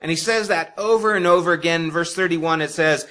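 A man preaching a sermon, addressing the congregation directly with emphatic, expressive delivery and sharp swings in loudness. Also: on the high side, moderate pace, hardly any pauses. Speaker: pastor.

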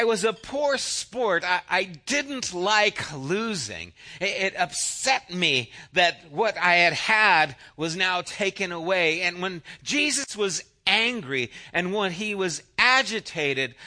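Man, pastor, sermon delivery: slow, bright and slightly high, loud emphasis dropping to hushed asides. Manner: storytelling, swings from loud to hushed. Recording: church sermon audio.

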